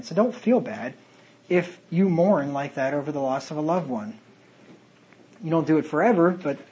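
Earnest husky-voiced male preacher. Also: fairly high pitch, a little mellow, poor audio. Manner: earnest, reads verses aloud in King James wording. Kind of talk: sermon with scripture reading.

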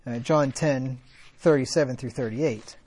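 A man's voice: medium pitch, unhurried, a little mellow. A man preaching a sermon, reading scripture aloud and asking rhetorical questions, building to fervent emphasis. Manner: conversational asides with rhetorical questions.

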